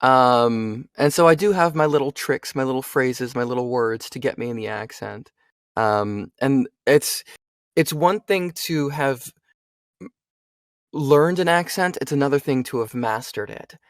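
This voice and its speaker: A man's voice: medium pitch, unhurried, dry recording, clean studio sound. A young adult man, a voice actor, chatting casually in an interview with lots of fillers. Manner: animated, chatty, frequent fillers. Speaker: voice actor guest.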